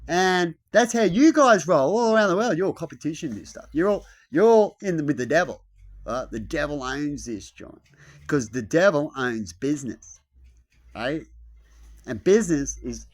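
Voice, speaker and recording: A man in a casual rambling rant. He swears often and acts out the voices he quotes, often loudly. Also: a little high, expressive, normal speed.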